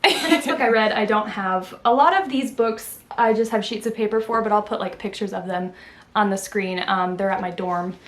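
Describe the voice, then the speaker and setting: A woman's voice: medium pitch, moderate pace. A young woman chatting casually in a vlog, rambling with lots of fillers and self-corrections and poking fun at herself. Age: young adult. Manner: self-deprecating, laughs at herself. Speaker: book vlogger. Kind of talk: casual chat.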